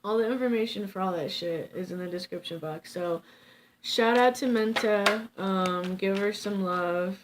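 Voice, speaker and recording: A woman's voice: mid-range voice, unhurried, slight background noise. A woman tarot reader chatting casually to her viewers, rambling with lots of fillers and swearing lightly, tired without her coffee. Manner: rambling and chatty, many fillers and self-interrupting laughs. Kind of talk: casual chat to camera.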